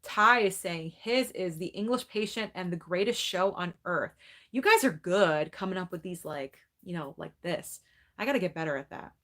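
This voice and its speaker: A woman's voice: lowish voice, animated, moderate pace, fairly bright tone. A woman of around forty hosting a casual movie club livestream, chatting candidly with viewers, reading out their comments and laughing often.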